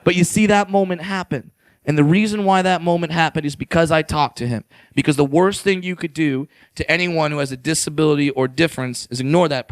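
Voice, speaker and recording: A man performing a stand-up comedy set on stage with a handheld mic, brash and profane, jumping into higher voices when he quotes people. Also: fairly bright tone, no room sound. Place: comedy stage before a live audience.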